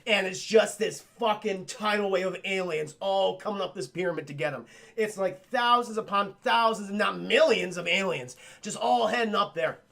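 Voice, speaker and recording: A man's voice: high voice, moderate pace, gravelly, few pauses. A man streaming a casual, profane film review and talking straight to his chat. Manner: profane, excitable, keeps addressing the chat. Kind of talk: casual livestream film commentary.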